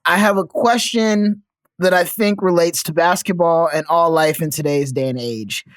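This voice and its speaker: A man reading listener questions aloud on a sports podcast, slow and deliberate with playful asides. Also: fairly high pitch, clean tone, dry recording.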